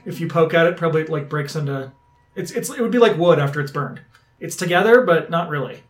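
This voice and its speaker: A man's voice: a little high, lively intonation, fast, roomy sound. A man acting as game master, explaining the game with loose, hedging asides. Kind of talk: narrating a tabletop game.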